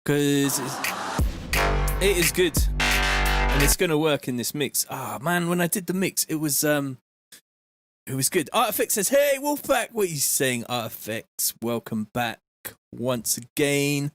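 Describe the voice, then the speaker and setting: A man chatting casually on a live stream, reading out viewer messages in a relaxed, slangy way from his home studio. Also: medium pitch, measured pace, dry recording, faint music behind. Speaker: music producer streaming live.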